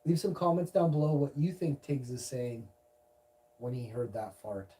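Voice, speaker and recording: Brief: silly male live streamer, mellow voice, lively pitch swings, mic a little far off. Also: moderate pace. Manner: goofy, rambling, lapses into baby talk. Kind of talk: casual livestream chat.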